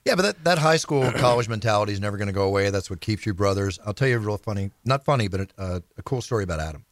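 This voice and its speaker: Male host, low and quick, eager, dry close recording. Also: animated, no room sound. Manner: enthusiastic, leading storyteller asking questions. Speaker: show host. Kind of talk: interview.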